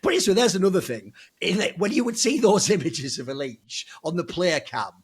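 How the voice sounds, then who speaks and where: A middle-aged man from Northeast England with a neutralized international English accent, an animated and opinionated esports pundit who swears freely in casual podcast debate. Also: high-pitched, normal speed, slightly rough. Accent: neutralized international English, between mild American and English.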